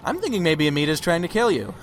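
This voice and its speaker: A man's voice: a little high, very animated, fast. A man giving casual, teasing commentary while his friend plays a video game. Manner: joking, teasing banter. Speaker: let's play co-commentator. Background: game music.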